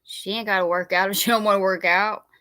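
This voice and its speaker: A woman's voice: medium pitch, fairly even intonation, fast talker, sharp tone, no room sound. A woman hosting a live stream, reacting to videos with incredulous, chatty asides to her viewers.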